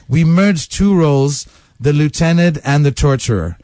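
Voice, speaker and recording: A man's voice: fairly high pitch, animated, normal speed, mellow, dry recording. A man being interviewed as a stage actor and singer in a radio studio, chatty, self-mocking and laughing often. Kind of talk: casual interview chat.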